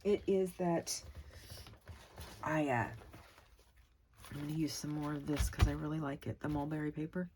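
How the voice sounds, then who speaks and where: A woman with a notably low voice chats her way through a crafting video, rambling, gushing and exclaiming while she works. Her talk is loose and homey, recorded with a faint hum of background noise. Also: steady tone, brisk. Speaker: crafting channel host. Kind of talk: chatty crafting vlog.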